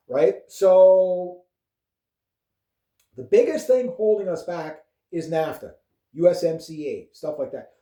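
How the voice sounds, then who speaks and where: Canadian male vlogger, mellow voice sitting a touch high, rambles and swears, roomy echo. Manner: rambling, profane, with frequent fillers and chuckles. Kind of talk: casual political rant. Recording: echoey room.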